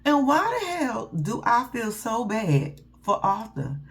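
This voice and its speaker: A woman talks through a reality show in a loud, sassy and profane way, laughing often. Her voice swoops widely and sits a little high. She speaks in a casual recap style. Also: very animated, slow pace.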